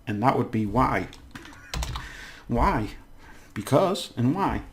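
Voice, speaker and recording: Guy teaching a language lesson, real slow and patient, gravelly voice. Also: medium pitch, sing-song, slight background noise. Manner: slow, patient, overpronounces example words. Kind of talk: casual spoken language lesson.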